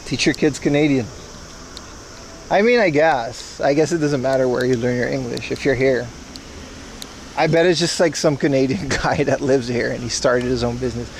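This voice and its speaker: This young man hosts a livestream on foot through town streets, casually joking with viewers in a wry, rambling manner. His mid-range voice has some vocal fry and a normal speed, with a slight hiss or hum in the recording.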